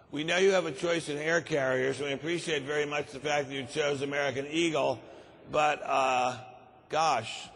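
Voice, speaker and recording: A man's voice: a little high, a bit bright, natural voice. A man voicing a cheerfully polite airline pilot who hesitates with many ums, echoing in a large hall. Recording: long reverb of a large conference hall.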